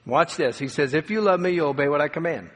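Preacher man with a fairly high voice in a reverberant hall. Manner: dramatic preaching with slowed emphatic phrases and rising peaks. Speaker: pastor. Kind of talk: sermon.

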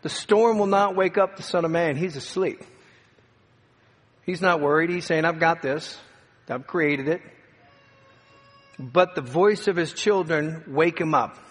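A man preaching a sermon, swinging from dramatic raised cries to hushed, quiet passages. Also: a little high, unhurried, long pauses. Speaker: pastor. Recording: long hall reverb.

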